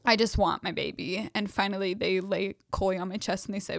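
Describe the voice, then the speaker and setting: A woman's voice: mid-range voice, fairly even intonation, brisk, gravelly, few pauses, no echo, clean studio sound. A young woman co-hosting a podcast, telling a personal story in casual chat with many fillers and emotion. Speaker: podcast co-host.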